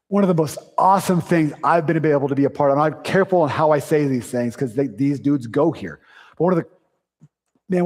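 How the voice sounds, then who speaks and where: Male pastor, slightly higher voice, casual punchy sermon, long hall reverb. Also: a little mellow. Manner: conversational, punchy preaching with quick asides and sarcasm. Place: church sanctuary.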